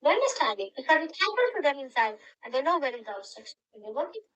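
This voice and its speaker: Older lady giving a spiritual talk, high bright voice, bossy little instructions. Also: sing-song, fast talker, rough recording. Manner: instructive, directive. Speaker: spiritual teacher.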